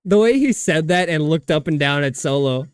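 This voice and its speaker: A man's voice: on the high side, expressive, moderate pace, clear, resonant tone, no echo. A man livestreaming a survival game, chatting casually in a rambling, profane way and laughing often. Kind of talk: casual gaming stream chat.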